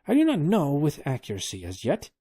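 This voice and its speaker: A man's voice: a little high, huge pitch swings, brisk, warm tone, husky, dry recording, studio quality, voice pushed up, exaggerated voice. A man voicing a fussy, absent-minded old male professor who mutters stock phrases in a raised, flustered voice.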